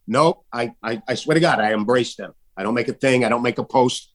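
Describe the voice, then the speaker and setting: A man, an artist guest talking in a casual, emphatic way, swearing often and jumping his voice high when he mimics others. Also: fast talker, hardly any pauses, a bit bright. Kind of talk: casual political chat.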